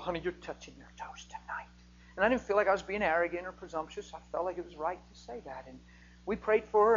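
A man preaching a sermon, telling a healing story and rising to near-shouting when he gets excited. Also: sits high, muffled recording, a little hiss or hum.

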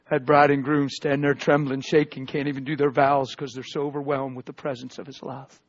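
A man preaching a personal testimony sermon, emotional, swinging between loud outbursts and hushed tones. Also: medium pitch, little pitch movement, a little fast, lo-fi sound.

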